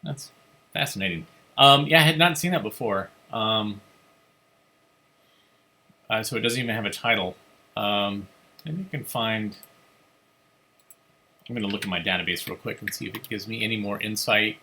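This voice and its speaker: A man's voice: on the low side, moderate pace, long pauses, pushed and bright, a little hiss or hum. A man hosting a casual livestream, musing aloud with many ums. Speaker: host.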